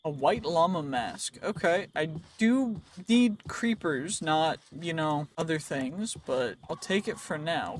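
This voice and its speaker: A man's voice: on the high side, lively intonation, measured pace, few pauses, noisy background. A man hosting a let's play, talking to himself in a rambling, playful way as he goes, his voice a bit worn. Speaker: gaming channel host.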